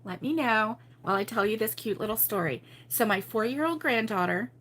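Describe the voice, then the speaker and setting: A woman's voice: fairly high pitch, fairly quick, fairly bright tone. A middle-aged woman hosting a crochet channel, telling a story in casual live chat with viewers and laughing often.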